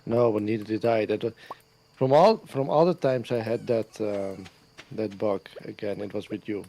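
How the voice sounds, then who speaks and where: A man's voice: lowish voice, normal speed, dark tone, a little hiss or hum. A man chatting casually over voice chat, talkative and repeating his words. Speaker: guest chatting on a stream.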